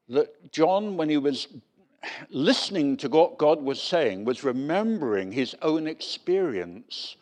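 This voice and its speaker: A man preaching a sermon, telling Bible stories in a storytelling manner and acting out the voices of the people in them. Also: medium pitch. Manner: storytelling, animated, acts out voices in quotes.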